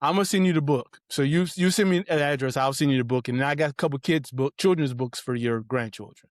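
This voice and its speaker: A middle-aged man, a guest author, telling family stories in an animated way, acting out quotes and laughing often. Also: mid-range voice, fast talker, no echo, studio quality. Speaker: guest, author and parenting advocate. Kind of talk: casual interview storytelling.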